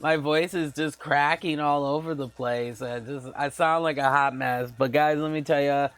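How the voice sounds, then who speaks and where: A man hosting his own live-stream show, chatting casually with a husky, raspy voice that is hoarse from a flu, rambling with many fillers and frequent laughs. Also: a little high, steady tone, moderate pace, a bit bright. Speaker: VTuber show host.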